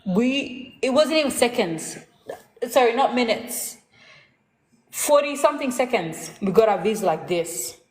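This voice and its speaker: Woman host, lively self-mocking storyteller, roomy echo. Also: a little high, unhurried. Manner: animated, laughs at herself, acts out quoted voices. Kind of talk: casual storytelling chat.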